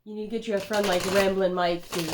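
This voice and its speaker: Background noise accompanies this twenty-something tarot reader, whose mid-range voice moves a little fast with fairly even intonation. She rambles through a casual vlog, cursing and saying "dude" a lot.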